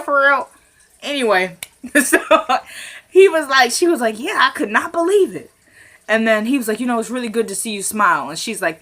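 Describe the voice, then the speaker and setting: A woman's voice: medium pitch, sharp tone. Chatty woman recapping a TV episode. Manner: chatty, retells scenes with quoted dialogue. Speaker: TV show recapper. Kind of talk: casual episode recap vlog.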